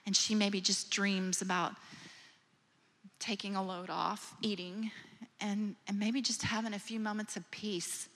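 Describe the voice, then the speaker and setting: A woman, a mother herself, retelling a scripture story as a gentle, imaginative sermon with hushed moments. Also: medium pitch, fairly even intonation, measured pace. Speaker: preacher or speaker. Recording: long hall reverb.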